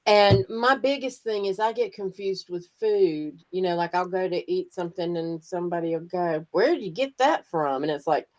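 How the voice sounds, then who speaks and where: A woman's voice: on the low side, fairly even intonation, moderate pace, few pauses. Storytelling woman co-host. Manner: storytelling, laughs. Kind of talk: casual live-stream chat.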